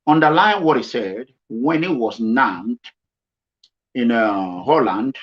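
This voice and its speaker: A man from Edo State with a Nigerian accent, giving emphatic commentary and repeating himself for stress. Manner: repetitive, emphatic, swings between low and high pitch. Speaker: commentary vlogger. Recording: dull lo-fi sound.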